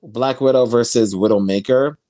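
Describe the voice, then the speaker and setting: A man co-hosting a podcast in casual chat, relaxed and explaining his points with fillers. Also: mid-range voice, normal speed, no echo. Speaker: podcast co-host.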